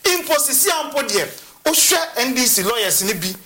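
A lawyer explaining legal process on a talk show, halting and repeating words as they go. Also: mid-range voice, very animated, bright, forceful tone, a little hiss or hum. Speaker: lawyer guest.

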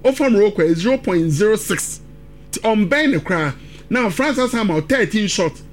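A man breaks down a football match as a pundit, his voice pitched high and swinging up and down with lively emphasis. He talks emphatically, switching between languages mid-sentence. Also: moderate pace, a little hiss or hum. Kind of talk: sports analysis on radio talk show, mixing Twi and English.

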